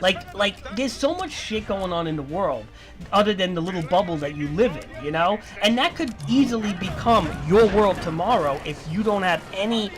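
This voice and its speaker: A man's voice: high-pitched, animated, moderate pace, music in the background. A man streaming, ranting in a lecturing, repetitive and profane way. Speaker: livestreamer. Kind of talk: casual stream rant.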